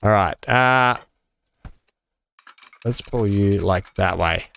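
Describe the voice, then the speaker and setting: A man's voice: lowish voice, slow pace, vocal fry, fairly bright tone, clear, resonant tone. A man streaming a building game, chatting casually with viewers and reading chat with many fillers. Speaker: live-streaming gamer. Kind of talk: casual live-stream commentary while building.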